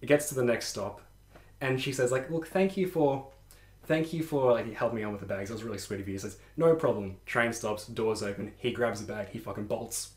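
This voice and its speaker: A young man telling a story in casual podcast chat, animated and laughing, with many restarts. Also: mid-range voice, a little fast. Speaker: podcast co-host. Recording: echoey room.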